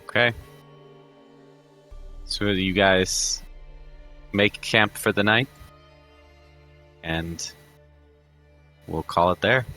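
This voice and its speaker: A man narrating as the game master of an online tabletop session, slow and drawn out, from a little way off the mic. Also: sits low, sharp tone, faint music behind. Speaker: dungeon master.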